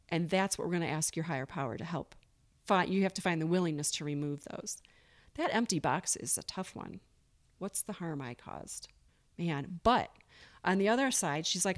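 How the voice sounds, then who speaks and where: A woman talks candidly as a podcast guest in a voice pitched a little low. She speaks earnestly and openly, now and then slipping into quick quoted asides from her own past. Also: lively intonation. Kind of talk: candid recovery interview.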